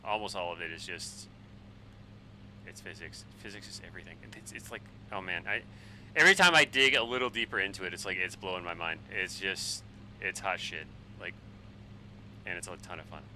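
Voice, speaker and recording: A man in his forties, a bit tipsy on wine, rambling and swearing excitably while chatting on a flight sim live stream. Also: sits low, a little fast, a little hiss or hum, rough recording. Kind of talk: casual live-stream chat while flying.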